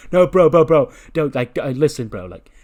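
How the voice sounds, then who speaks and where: A man's voice: fairly high pitch, very animated, normal speed, a little mellow, pitched above the performer's own voice. Laid-back surfer-bro wrestler with a lazy drawl, voiced by a male narrator. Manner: drawling, says bro constantly.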